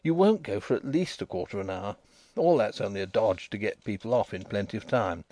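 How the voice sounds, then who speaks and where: Gruff bossy young guy in a storybook, a male reader doing him, lively delivery, dry close sound. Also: lowish voice, a little fast, no room sound. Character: impulsive young man, gruff and masterful.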